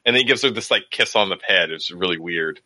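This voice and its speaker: A man recapping a movie in casual podcast chat, rambling with lots of fillers and quick acted-out quotes. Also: sits low, lively intonation, sharp tone, no room sound. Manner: rambling, many fillers, acts out characters in quick voices. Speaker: podcast co-host.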